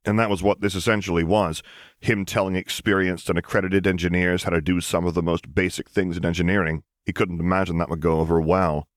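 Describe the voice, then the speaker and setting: A man reading fan fiction aloud as an audiobook, narrating in a calm, even storytelling manner. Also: low-pitched, a little fast, no echo, studio quality. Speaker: audiobook reader.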